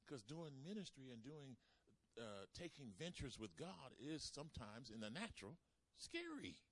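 A man preaching a sermon, calling out to the congregation and swinging between loud emphasis and soft asides. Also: mid-range voice, big pitch swings, moderate pace. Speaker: pastor.

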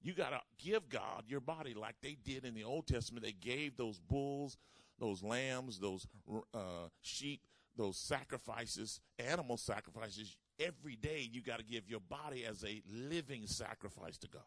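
A man's voice: mid-range voice, moderate pace, fairly bright tone, no echo. A man preaching a sermon. He calls for responses from the congregation and repeats phrases for emphasis. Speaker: pastor.

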